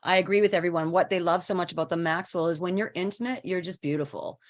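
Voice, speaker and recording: A woman's voice: on the low side, fast. Enthusiastic woman judge. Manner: warm, enthusiastic praise. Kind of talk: encouraging critique.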